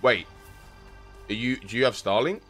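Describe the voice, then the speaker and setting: A man's voice: medium pitch, normal speed, a bit bright, faint music behind. A young man chatting casually with his live-stream viewers while gaming, joking around and using slang. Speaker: game streamer.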